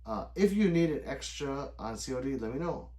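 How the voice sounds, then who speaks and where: A middle-aged man hosts a late-night livestream, chatting loosely with viewers at his desk mic and reading their messages aloud. His talk rambles and is peppered with swearing. His pitch swings widely, rising and dropping from phrase to phrase. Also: lively intonation, brisk, dark tone. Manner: loose and rambling, swears often, answers chat by name. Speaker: livestream host reading chat.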